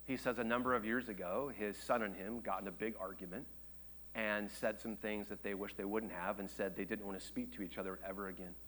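A man preaching a sermon, telling a story with lively shifts between loud excited quotes and hushed quiet passages. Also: brisk, slight background noise. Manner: animated storytelling, acts out quotes with jumps in pitch and volume; drops to a hushed, low voice for tender moments. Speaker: pastor.

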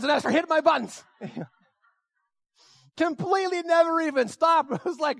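Middle-aged male storyteller, very high pitch, dry close sound, animated, plays up his excitement for the crowd. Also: moderate pace, gravelly, dry recording. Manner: lively, acts out his own excitement, breaks into shouting. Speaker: speaker addressing an audience.

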